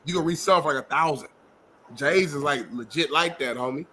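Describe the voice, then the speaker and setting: Male co-host, teasing banter, slightly high voice, faint background noise. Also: a little fast, pushed and bright. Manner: teasing banter, greets the live chat. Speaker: podcast co-host. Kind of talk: casual chat.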